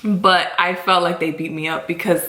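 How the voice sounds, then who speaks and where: Low-voiced young woman telling a story. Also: steady tone, moderate pace, pushed and bright. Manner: emotional, confiding storytelling. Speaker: vlogger. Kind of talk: storytime chat. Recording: roomy echo.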